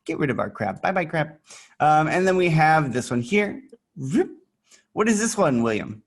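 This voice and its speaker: A man with a very animated, rather high voice talks at normal speed while teaching a child English in an online lesson. He repeats words for the child to echo and, patient and playful, adds little sound effects as he shows pictures.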